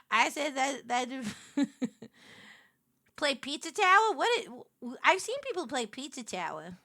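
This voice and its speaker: Woman, New York accent, streamer, casual chat, high-ish voice, bright. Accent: New York City. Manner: animated, exclaiming, quick to laugh. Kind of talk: casual live-stream chat while picking a game.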